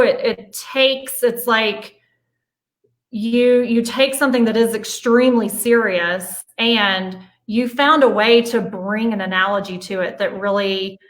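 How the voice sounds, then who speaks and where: A woman's voice: a little high, a bit bright. A woman hosting an interview, who talks casually and hesitantly, often restarting her sentences. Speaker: host. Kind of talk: conversational interview. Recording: echoey room.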